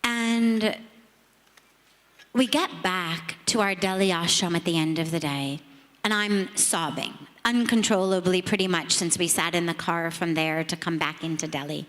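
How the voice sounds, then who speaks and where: A middle-aged woman, a spiritual teacher, telling a reflective story to an audience in a measured, earnest, emphatic way. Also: fairly low pitch, a bit bright. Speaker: spiritual teacher speaking on a panel. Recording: long reverb of a large hall.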